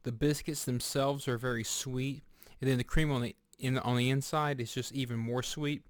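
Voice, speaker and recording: A man giving a casual snack review, speaking deliberately and pausing often with fillers and restarts. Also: medium pitch, steady tone, no room sound, studio quality. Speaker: food reviewer. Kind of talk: casual product review vlog.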